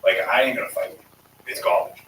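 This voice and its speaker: Profane, blunt, bright-voiced man. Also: fast, distant mic. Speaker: guest, former sanitation worker. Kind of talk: casual storytelling. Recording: echoey room, voice off-mic, faint room noise.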